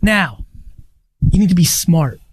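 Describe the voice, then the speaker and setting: A man's voice: high-pitched, animated, slow, breathy edge. A man talking emphatically in a casual podcast chat, repeating his points for stress. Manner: emphatic, repetitive, profane. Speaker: guest.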